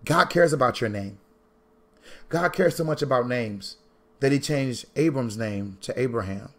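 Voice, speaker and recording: A man giving a sermon-style talk on money, preacherly and animated, repeating lines for emphasis and swinging from low asides to loud bursts. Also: unhurried. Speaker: Christian financial teacher.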